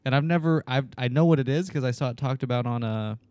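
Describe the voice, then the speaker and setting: A man co-hosting a podcast talks in a rambling, self-mocking way and laughs along as he goes. His voice sits at an ordinary pitch. The recording is dry and close. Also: quick pace, a little mellow, smooth, dry recording. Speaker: podcast co-host. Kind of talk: casual podcast chat.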